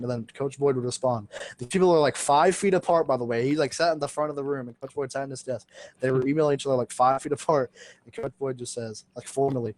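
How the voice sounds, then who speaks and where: Fast-talking young man telling stories. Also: medium pitch, darkish tone. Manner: rambling, full of "like" and restarts, laughs often. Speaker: podcast co-host. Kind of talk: casual storytelling chat.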